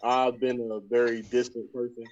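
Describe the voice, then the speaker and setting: A man's voice: medium pitch, level tone, normal speed, darkish tone. A man who works as a trucker, talking hesitantly with many fillers in a group voice chat. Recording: distant, muffled phone connection.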